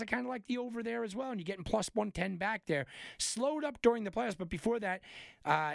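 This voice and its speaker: Animated man talking sports bets. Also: high voice, gravelly, no room sound, clean studio sound. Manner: animated storyteller, emphatic, some restarts. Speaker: sports betting analyst. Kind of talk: casual betting talk.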